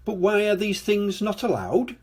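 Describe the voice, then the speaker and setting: A sunny, bossy little storybook girl with a chirpy, upbeat manner, voiced by a man. Her voice sits high and moves a lot, unhurried, with a husky grain. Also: sing-song, exaggerated voice. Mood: curious. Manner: brisk, chirpy and bright. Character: cheerful, bossy little girl full of sunshine.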